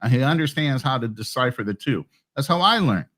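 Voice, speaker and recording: A man's voice: medium pitch, lively intonation, brisk, a bit bright. A middle-aged man talking bluntly and profanely in a casual podcast chat, as a co-host. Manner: blunt, profane, boastful storytelling.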